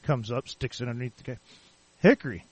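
A man's voice: mid-range voice, brisk, dry recording. Guy cracking dirty bar jokes, laid back, dry close sound. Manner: crude, laid-back joke telling. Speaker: podcast co-host. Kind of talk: casual chat, telling jokes.

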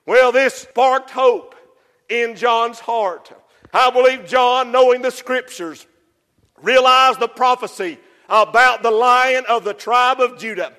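A man preaching a sermon with passion, rising to shouts for emphasis. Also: very high voice, slow, long reverb tail.

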